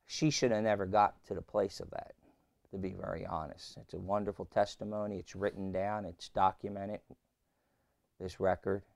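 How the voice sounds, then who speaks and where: A man preaching a sermon as pastor, swinging between loud emphasis and quiet asides. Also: fairly low pitch, gravelly, no echo.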